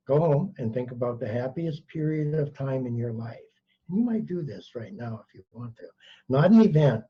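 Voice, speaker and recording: A man's voice: medium pitch, husky. A man co-hosting a talk show, telling an anecdote dryly and wryly and playing both sides of a conversation. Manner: wry, dry storytelling that plays both sides of a dialogue. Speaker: co-host. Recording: dull, muffled sound.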